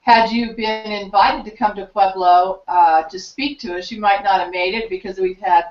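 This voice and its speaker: A woman's voice: mid-range voice, steady tone, normal speed. A woman book club member speaking earnestly and a little hesitantly, heard through distant group call audio. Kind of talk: casual group chat. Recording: distant echoey lo-fi room audio.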